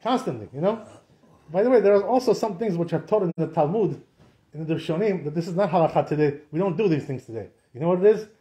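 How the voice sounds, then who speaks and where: A rabbi teaches a casual class on Jewish law, tossing rhetorical questions to his listeners and sprinkling in Hebrew terms. His voice is high for a man and soft, warm in tone, and he talks quickly. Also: animated. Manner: conversational, asks many rhetorical questions; mixes in Hebrew and Aramaic terms. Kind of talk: informal Torah class.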